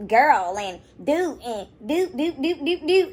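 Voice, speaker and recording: Woman, young adult, sassy, animated, reaction commentary, higher pitch. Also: takes it slowly, hardly any pauses. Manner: sassy, animated, mocking voices at times. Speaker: commentary YouTuber.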